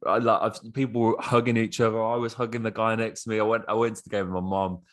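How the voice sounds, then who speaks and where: A man with a very deep voice co-hosts a casual football podcast. He talks in an excitable rush and swears freely. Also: quick pace. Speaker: podcast co-host.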